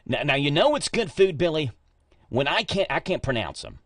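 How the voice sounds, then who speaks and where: Chatty Kentucky radio host. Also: male voice, on the high side, sing-song, moderate pace, fairly bright tone, no echo, recorded from a distance. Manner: chatty, jokey, stumbles over fancy words. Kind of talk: casual radio interview.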